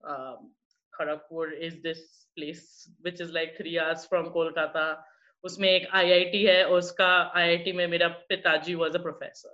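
A woman's voice: lowish voice, little pitch movement, racing, a bit bright. A woman from West Bengal, co-hosting a podcast in rambling casual chat, full of fillers and bits of Hindi. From West Bengal, India. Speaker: podcast co-host. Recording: muffled lo-fi recording.

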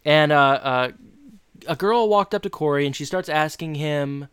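A man co-hosting a podcast, recapping TV scenes in a chatty, animated storytelling way. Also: fairly high pitch, smooth, no echo, studio quality. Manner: animated storytelling, retelling scenes in quick bursts. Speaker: podcast co-host. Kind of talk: casual chat recapping TV episodes.

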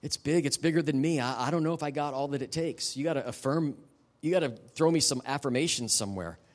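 A middle-aged man giving a guest sermon at a church service. He tells personal stories in a candid, emotional way and turns to the audience with quick asides. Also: on the high side. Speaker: guest preacher. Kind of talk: conversational sermon ending in prayer.

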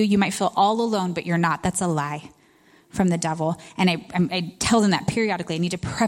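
A woman in her thirties speaks at a women's retreat. Her sermon is candid and conversational, and she laughs at herself as she goes. Her voice sits at an ordinary middle pitch for a woman.

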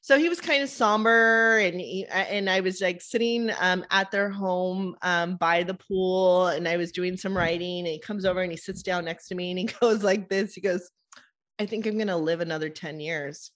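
A woman hosting a podcast, telling stories in an animated, casual way with frequent fillers and laughter. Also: lowish voice, normal speed, few pauses. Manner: animated storyteller, laughs often, many fillers. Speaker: podcast host. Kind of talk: casual chat.

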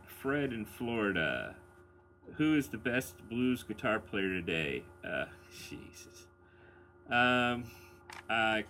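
Low, bright-toned man chatting casually. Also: slight background noise. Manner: rambling and candid, with frequent fillers and chuckles. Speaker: blues radio show host. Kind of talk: casual answering of listener letters.

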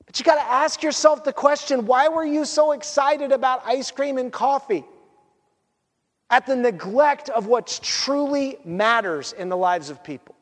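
High-voiced man preaching in a reverberant hall. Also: unhurried. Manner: animated, conversational preaching. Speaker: pastor. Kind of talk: sermon.

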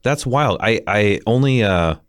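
A man's voice: lowish voice, animated, a little slow, no echo. A man hosting a radio show, interviewing a guest in the studio and tasting food on air with chatty enthusiasm. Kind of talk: casual interview. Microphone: studio microphone.

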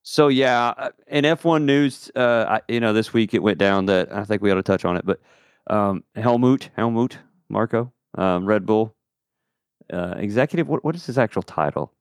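A man with a low voice chats casually as a podcast co-host. He rambles with plenty of fillers and drops dry jokes. His voice sounds close and dry, with no room around it. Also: normal speed, clear, resonant tone, no echo. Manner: rambling, filler-heavy, joking.

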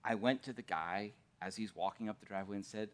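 A man's voice: on the low side, quick pace. A man preaching a sermon in an earnest, emphatic way, telling vivid stories.

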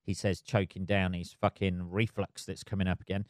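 A man hosting a podcast on his own, rambling in a sweary, self-mocking casual monologue from his flat at home. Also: low-pitched, moderate pace, no room sound, clean studio sound. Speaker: podcast host. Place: flat at home below noisy neighbours.

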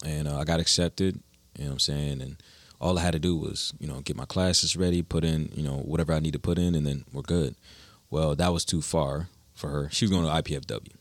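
A man's voice: a bass voice, steady tone, brisk, dry recording. A young man telling stories in casual, slangy talk as a musician guest in an interview. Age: young adult. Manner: laid-back slangy storytelling.

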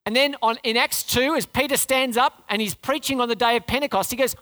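A woman's voice: a little high, brisk, hardly any pauses, fairly bright tone. A woman preaching a sermon in an earnest, conversational way, asking rhetorical questions and repeating phrases for emphasis.

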